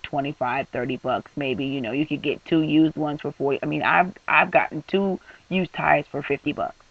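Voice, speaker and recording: A young man rants in a venting vlog, rambling and exasperated. His voice is gravelly and fairly high. It comes through a dull, lo-fi mic set back from him in a dry room. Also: no room sound, recorded from a distance. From San Francisco Bay Area. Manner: rambling, exasperated storytelling with many fillers. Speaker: vlogger.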